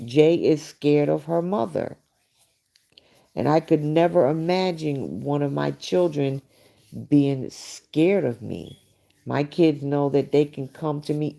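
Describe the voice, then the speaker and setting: A middle-aged woman with a deep, mellow voice and some vocal fry hosts a late-night livestream. She chats bluntly and casually with viewers, reacts to their comments, and says "you know" a lot.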